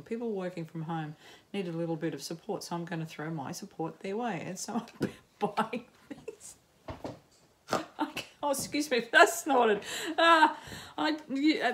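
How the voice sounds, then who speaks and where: A middle-aged Australian woman chatting casually as a knitting podcaster at home, rambling and self-mocking, with frequent ums and quick laughs. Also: medium pitch, a little hiss or hum. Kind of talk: casual chat to camera. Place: home, in sunshine.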